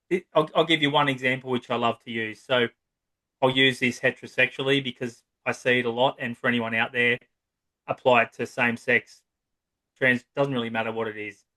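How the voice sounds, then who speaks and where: Give me an Australian man, somewhere between his thirties and fifties, rambling through a relaxed podcast chat. He speaks at a middle pitch and keeps asking "right?" as he goes. He slips into other people's voices to act out examples. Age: 30s to 50s. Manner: long-winded, acts out quoted voices, frequent "right?". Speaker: psychotherapist guest. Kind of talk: casual podcast conversation.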